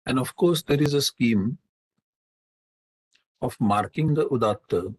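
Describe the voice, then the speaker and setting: A man answering questions in a live online lecture, in a measured, explanatory way and using technical Sanskrit terms. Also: mid-range voice, a little mellow, husky, rough recording.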